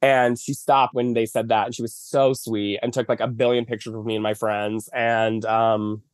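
A makeup artist appears as a podcast guest via video call, lying in bed at home and casually telling long, filler-laden stories. His mid-range voice is smooth and flat, moving at normal speed, and the recording is dry.

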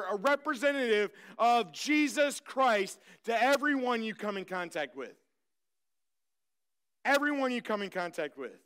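A male pastor preaching to his congregation, with a high, bright voice. His tone is clear and smooth as he reads scripture and urges the room to answer back. He is energetic and exclaims often. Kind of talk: live sermon. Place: church service.

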